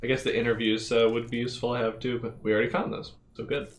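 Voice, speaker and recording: A man streaming a game live, chatting casually and thinking aloud in halting bits as he plays. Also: medium pitch, flat delivery.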